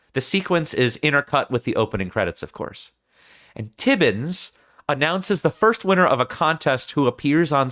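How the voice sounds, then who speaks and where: Man hosting a film podcast. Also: mid-range voice. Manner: animated storytelling with acted-out quotes. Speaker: podcast host. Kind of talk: film podcast chat, summarizing scenes.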